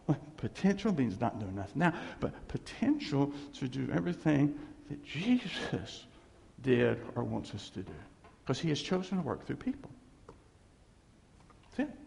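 Heard through long hall reverb, this man preaching as pastor delivers animated stories full of laughs and voiced quotes. His voice is fairly high and creaky.

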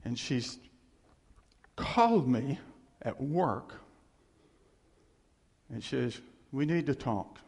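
Gravelly, animated man in a big hall. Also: medium pitch, takes it slowly, long pauses. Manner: animated, chuckling storyteller. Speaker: church speaker sharing testimony. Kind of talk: personal testimony to a congregation. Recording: long reverb of a large hall.

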